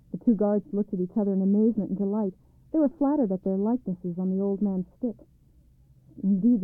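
A woman narrating a storybook in a calm, measured read-aloud way, on a tinny recording. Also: medium pitch, dry recording. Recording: dry, tinny phone-like sound.

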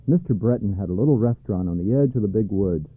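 Male storybook narrator, calm and measured, lowish voice, dry thin phone-like sound. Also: husky. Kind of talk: storybook reading. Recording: dry tinny narrow-band sound.

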